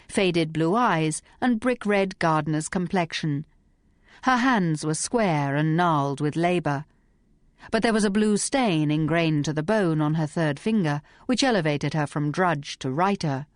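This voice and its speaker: A woman with a low voice reads a novel aloud at a measured pace. The recording is close and dry, with no room sound. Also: lively intonation, no room sound. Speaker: audiobook narrator. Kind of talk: scripted narration.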